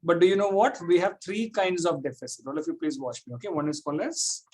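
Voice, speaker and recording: A man's voice: a little high, fast. A man teaching a classroom economics lecture, repeating points and checking often that students follow.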